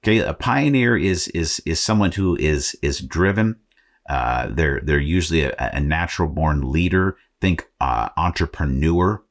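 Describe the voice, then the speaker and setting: A man's voice: a bass voice, animated, measured pace. A man from Arizona hosting a motivational faith podcast, talking in a conversational, self-deprecating way with frequent fillers. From Arizona, United States. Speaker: podcast host.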